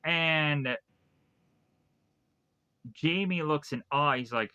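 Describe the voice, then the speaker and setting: Man, movie reviewer, casual rambling plot recap, bright tense voice, dull dry lo-fi sound. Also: a little high, very animated, drawn-out words, long pauses, smooth. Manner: rambling retelling with repeated phrases.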